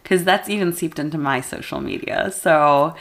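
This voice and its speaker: A woman's voice: sits low, normal speed, creaky. A woman hosting a casual podcast chat with her husband, congested from allergies, teasing and laughing often. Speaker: podcast host.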